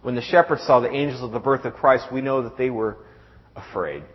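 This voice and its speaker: A middle-aged man preaching a sermon in a halting way, repeating words and reading scripture aloud. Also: mid-range voice. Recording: dull sound with long hall reverb.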